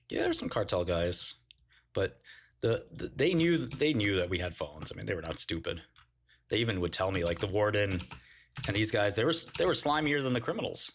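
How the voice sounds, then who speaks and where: A man's voice: low-pitched, animated, brisk, a bit bright, slight background noise. A man hosting a casual livestream, telling crude slangy stories and laughing often. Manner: slangy storytelling. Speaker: livestream host.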